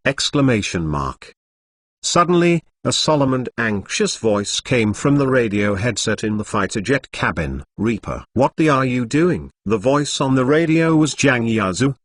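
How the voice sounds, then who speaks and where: A man's voice: mid-range voice, fairly bright tone, no echo, studio quality. A man narrating a translated web novel, mechanically reading out punctuation marks along with the text.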